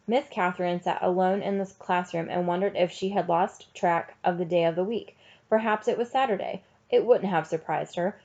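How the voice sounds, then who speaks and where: A woman teacher reading a novel aloud to her class, pausing for calm explanatory asides. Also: on the low side, dull audio.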